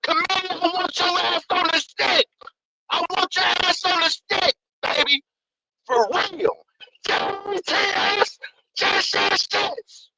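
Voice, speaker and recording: Heated, high-voiced man ranting on a call. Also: steady tone, slow pace, vocal fry, pushed and bright, no room sound, poor audio. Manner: profane, slangy and heated, repeats himself. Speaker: caller. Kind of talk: fired-up call-in rant.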